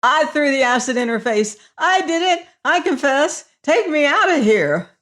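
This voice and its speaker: A woman's voice: mid-range voice, slow, close to an everyday voice. A woman reading an audiobook, voicing a hysterical male prisoner who shrieks and gasps out repeated cries. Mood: terrified.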